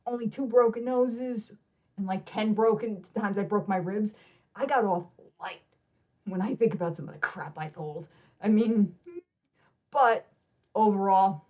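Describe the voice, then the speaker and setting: Woman guest on a podcast, storytelling, acts out dialogue, kinda dull lo-fi sound. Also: fairly low pitch. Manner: animated anecdotes, acting out quoted dialogue. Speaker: author and martial artist guest. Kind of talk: casual storytelling interview.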